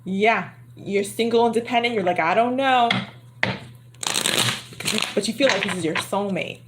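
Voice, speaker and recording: A woman doing a livestream tarot reading, talking in a loose, chatty way and often repeating herself under her breath. Cards shuffle clearly in the background. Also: medium pitch, fairly quick, heavy background noise. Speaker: tarot reader. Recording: card shuffling clearly audible.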